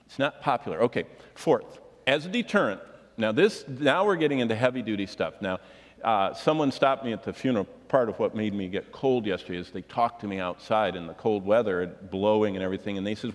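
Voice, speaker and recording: A man's voice: lowish voice, animated, normal speed, in a large hall. A man preaching a sermon, reading scripture and pressing his points with rhetorical questions. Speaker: pastor.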